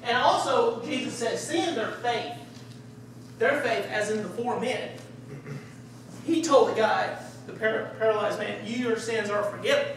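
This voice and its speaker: A man giving a conversational sermon, animated and acting out the voices of people in the story. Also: high voice, measured pace. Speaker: preacher. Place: church sanctuary. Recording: echoey room, distant mic, faint hiss.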